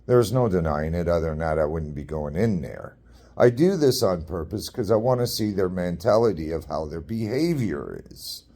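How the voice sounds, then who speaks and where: A man rambles through a blunt, profane rant, circling back on the same points. His voice sits very low and dark, with a husky, rough edge. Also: animated, moderate pace. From Canada. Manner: blunt, profane, repetitive storytelling. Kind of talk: casual rant monologue.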